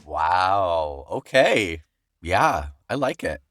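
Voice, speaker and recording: Laughing male podcast host, lively. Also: medium pitch, normal speed, faint music behind. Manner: reads listener emails, laughs often. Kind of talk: casual chat.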